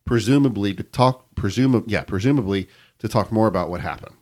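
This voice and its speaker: A man hosting a podcast, reading a news account aloud to his co-hosts in a measured storytelling way. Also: lowish voice, a little mellow. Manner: measured storytelling with quoted reports. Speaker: podcast host telling the story.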